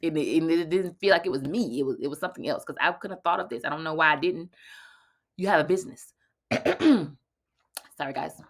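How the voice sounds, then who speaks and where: A young adult woman vlogging straight to her viewers in a low-pitched voice. Her talk is chatty and sweeps up and down with lots of life. She laughs often and sometimes drops to a near whisper. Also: lively intonation, fairly quick. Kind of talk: casual direct-to-camera vlog talk.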